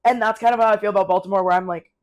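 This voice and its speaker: A woman comedian chatting casually on a podcast, laughing often and reacting warmly to her co-host. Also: medium pitch, fairly even intonation, racing, muffled recording.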